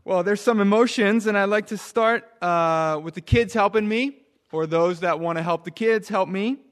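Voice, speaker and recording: Animated pastor with a high voice. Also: male voice, normal speed. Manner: animated, drops to a hush for emphasis. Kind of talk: children's sermon.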